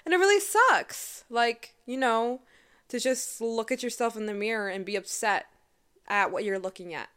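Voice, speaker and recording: A woman's voice: on the high side, moderate pace, fairly bright tone, clear, resonant tone. A woman in her twenties hosting a personal podcast, talking in a chatty, emotional way with lots of fillers. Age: 20s. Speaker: podcast host. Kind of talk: casual personal podcast monologue.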